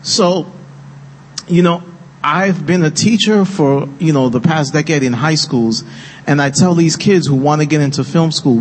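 A man's voice: fairly high pitch, measured pace. A man speaking passionately and earnestly on a film panel, getting emotional as he talks. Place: event hall with live audience. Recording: long-reverb hall with faint noise.

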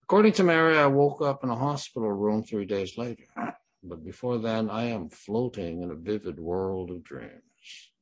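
A man in his sixties reading his first-person memoir in a plain, measured way. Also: fairly low pitch. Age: 60s. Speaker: memoir narrator.

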